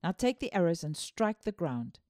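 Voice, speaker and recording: A woman's voice: fairly low pitch, big pitch swings, moderate pace, a little mellow, no room sound, studio quality. A woman voicing Elisha, a dying old prophet. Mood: solemn urgent.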